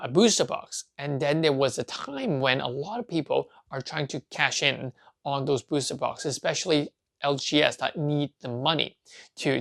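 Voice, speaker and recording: Chatty video host with a gravelly voice. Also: mid-range voice, a bit bright. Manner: chatty, asks and answers own questions. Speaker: collecting channel host. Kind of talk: casual talk to camera.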